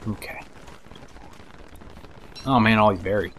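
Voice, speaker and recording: A man giving casual let's play commentary, excitable and swearing, talking to the creatures in the game. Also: on the low side, unhurried, slight background noise. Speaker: gameplay commentator.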